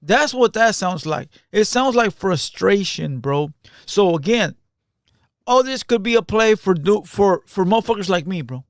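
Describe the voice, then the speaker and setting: A man's voice: sits high, lively intonation, unhurried, no echo, clean studio sound. A man giving casual reaction commentary in loose, emphatic street slang, peppered with "bro".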